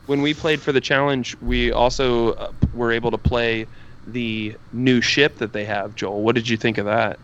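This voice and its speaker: A man co-hosting a casual gaming podcast, relaxed and quick to laugh. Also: medium pitch, muffled recording, a little hiss or hum. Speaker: podcast co-host.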